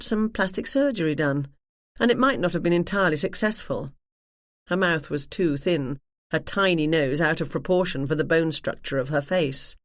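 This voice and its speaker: A woman audiobook narrator reading a first-person mystery in a wry, measured manner. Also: low-pitched, no room sound, clean studio sound.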